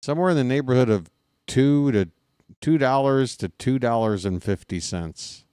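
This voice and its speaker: A man's voice: medium pitch, expressive, normal speed, a little mellow, clear, resonant tone, dry recording, clean studio sound. A man calling a baseball game live for his channel, mixing play-by-play with rambling jokes and chat with viewers. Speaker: play-by-play streamer. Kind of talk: casual baseball commentary with chat.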